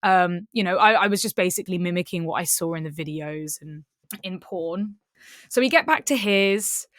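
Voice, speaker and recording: Woman guest, sweary and animated, talks frank, dry close sound. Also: fairly low pitch, normal speed, no room sound. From Southwest London, England. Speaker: guest, sex educator. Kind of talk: candid storytelling in podcast chat.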